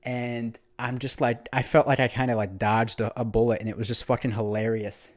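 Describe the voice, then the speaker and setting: A young man vlogging, telling a casual story in a rambling, animated way, full of restarts and swearing. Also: medium pitch, normal speed.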